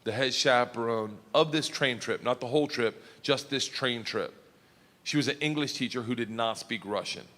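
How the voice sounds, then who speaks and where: A male comedian telling a story on stage, loud and animated, laughing through it. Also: medium pitch, a little fast, hardly any pauses. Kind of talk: stand-up storytelling. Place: theater stage. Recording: live hall with faint crowd noise. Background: faint audience.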